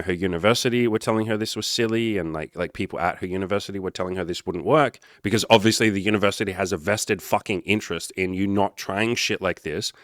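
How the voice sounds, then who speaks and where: A man's voice: low voice, a bit bright, no echo, studio quality. A man, a life coach, telling a story in a casual monologue, blunt and emphatic with heavy swearing.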